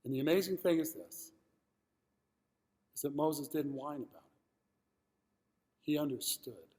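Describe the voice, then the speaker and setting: A male pastor preaching a sermon, talking expressively and moving between loud emphasis and quiet, heavy moments. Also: a little high, measured pace. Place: church sanctuary. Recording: long reverb of a church hall.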